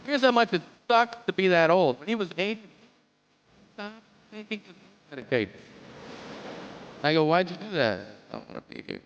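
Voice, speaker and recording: A man with a slightly high, lively voice riffs through a stand-up monologue, musing aloud and swearing casually. The sound is dull and lo-fi, with faint room noise behind him. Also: moderate pace, pauses often. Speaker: stand-up comedian. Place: comedy club stage. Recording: dull lo-fi live recording.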